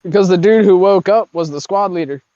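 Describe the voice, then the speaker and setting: Male, high register, dry close sound; swearing-heavy, laughing ex-marine telling stories in a casual chat. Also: fairly quick, dark tone, clear, resonant tone, no room sound, dull audio. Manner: rambling profane storytelling, laughs often. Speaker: former marine telling boot camp stories.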